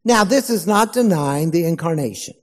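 A man preaching a sermon as pastor, slow and emphatic, asking the congregation questions. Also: fairly high pitch, expressive, in a large hall.

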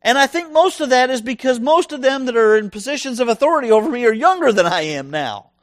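A middle-aged man preaching a sermon in a conversational, animated way, often asking his listeners questions. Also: very high voice, quick pace, dry recording, clean studio sound.

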